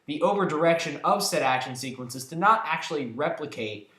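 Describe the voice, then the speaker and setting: A man's voice: fairly high pitch, lively intonation, brisk, a bit bright. Sarcastic ranting male film reviewer. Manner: sarcastic, emphatic, exasperated. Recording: echoey room.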